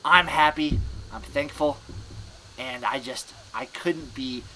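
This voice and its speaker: Over heavy background noise, a medium-pitched sports podcast host talks slowly, his rambling broken into scattered, clipped fragments. He's self-mocking and laughs at himself.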